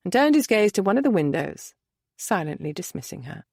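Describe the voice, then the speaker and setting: A woman narrating a romance audiobook in a measured, expressive reading. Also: medium pitch, gravelly, breathy edge, dry recording, clean studio sound.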